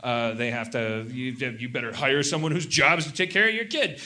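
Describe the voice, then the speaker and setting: A man's voice: mid-range voice, brisk, pushed and bright. A man in his forties hosting a live comedy podcast on stage, rambling and self-deprecating. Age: 40s. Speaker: host. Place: live stage before an audience.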